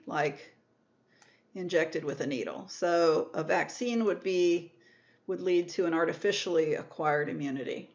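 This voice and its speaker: A woman's voice: fairly low pitch, dull audio. A woman giving a recorded microbiology lecture, explaining step by step and rephrasing herself. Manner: explanatory, repeats and rephrases terms, self-corrects.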